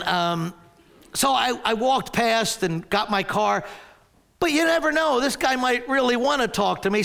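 A man's voice: high voice, creaky, a bit bright. A man in his sixties preaching a sermon as a pastor, telling a story animatedly and often stumbling over restarts.

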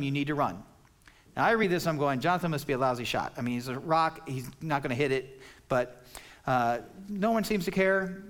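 A man preaching an expository sermon, explaining scripture in a plain, conversational way. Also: fairly high pitch. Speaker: pastor.

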